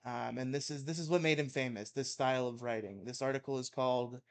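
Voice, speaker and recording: A man's voice: mid-range voice, steady tone, brisk. A young man co-hosting a casual show, reading a comedy article aloud with mock outrage and laughing at his own reading. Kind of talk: casual chat and comic dramatic reading.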